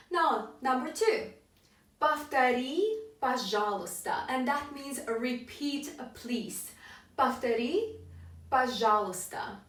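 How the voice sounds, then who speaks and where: A woman teaching a language lesson, explaining patiently and modeling each phrase with clear rising intonation. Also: a little high. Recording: roomy echo, distant from mic.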